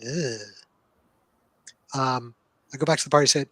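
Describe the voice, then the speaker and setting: A man playing a tabletop game, speaking hesitantly and haltingly. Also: medium pitch, fairly even intonation, fairly bright tone, no room sound, rough recording. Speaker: player. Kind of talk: casual tabletop game chat.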